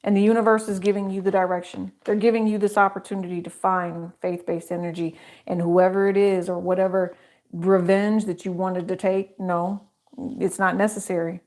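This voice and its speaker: A woman's voice: medium pitch, little pitch movement, moderate pace, a little mellow. Chatty, emphatic woman giving a tarot reading. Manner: chatty and emphatic, repeats phrases and asks rhetorical questions. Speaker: tarot reader. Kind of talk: solo tarot reading to camera.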